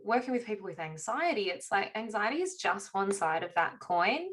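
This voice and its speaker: A woman hosts a podcast conversation, chatty and casual, peppering her talk with "like". Her voice sits at a middle pitch for a woman. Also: sing-song, moderate pace. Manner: chatty, warm with fillers like "like". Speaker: podcast host.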